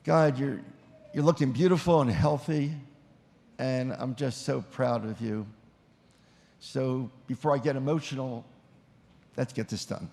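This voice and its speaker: A man's voice: medium pitch, measured pace, vocal fry, long pauses, a little mellow. An older man, a professor, leading graduates through a recited oath at a ceremony in an emphatic, proud way, with phrases spaced for them to repeat. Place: large ceremony hall. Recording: long echo of a large hall.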